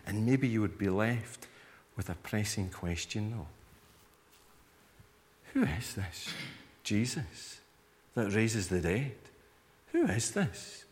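A man preaching a sermon in a low, conversational voice. He keeps asking listeners to picture themselves in the scene, and a long hall reverb trails after each phrase. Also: slow, pauses often. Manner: conversational, invites listeners to imagine the scene, acts out reactions.

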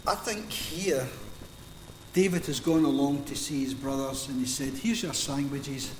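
A man's voice: mid-range voice, normal speed, slight background noise. A Scottish man preaching a sermon in a conversational storytelling manner, in a large hall or church. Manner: storytelling, conversational, acts out Bible scenes. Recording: echoey hall with long reverb.

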